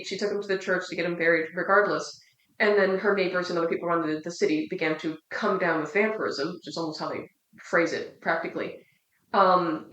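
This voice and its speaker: A participant in a casual book discussion, telling stories in an animated, lively way. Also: medium pitch. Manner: animated storyteller, quick and lively. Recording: roomy room echo.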